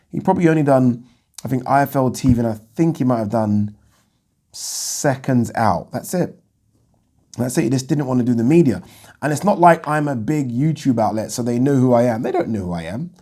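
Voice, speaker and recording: Hosting a casual boxing Q&A on YouTube, a man with a warm, medium-pitched voice fields viewer questions frankly, rambling and peppering his answers with ums.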